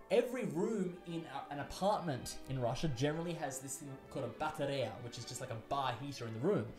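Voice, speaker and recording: A man explains things to the camera in a casual, chatty way, sitting a little higher in pitch than most men. His delivery is loose and conversational, and his voice rises and falls in loudness. The sound bounces around an echoey room. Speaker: vlogger, English teacher in Russia.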